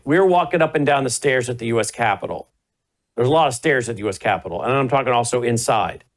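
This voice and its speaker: A middle-aged man hosting a talk show, telling rambling stories in casual chat and correcting himself as he goes. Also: medium pitch. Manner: rambling storyteller, self-correcting.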